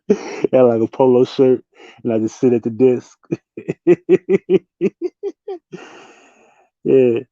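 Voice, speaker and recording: Young man, relaxed livestream host; mellow tone, dry slightly muffled desk mic, easy laughing delivery. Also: medium pitch, very slow, long pauses, no echo. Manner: loose, laughing, slangy, talks to chat. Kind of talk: casual late-night livestream chat.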